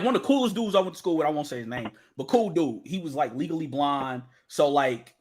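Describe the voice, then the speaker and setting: A young man co-hosting a podcast, telling stories in a loud, profane, laughing casual chat. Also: a little high, slight background noise. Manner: animated storytelling, profane, laughing. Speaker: podcast co-host.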